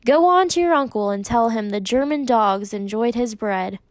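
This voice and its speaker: A woman's voice: on the high side, animated, normal speed, no room sound, natural voice. Woman reading a scornful German soldier. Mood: dismissive. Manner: harsh, contemptuous.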